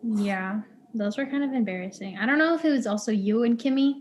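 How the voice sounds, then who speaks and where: Higher-voiced young woman chatting casually. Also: fairly quick, darkish tone. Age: young adult. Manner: rambling, many "like" fillers, giggly. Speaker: podcast co-host. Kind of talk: casual chat.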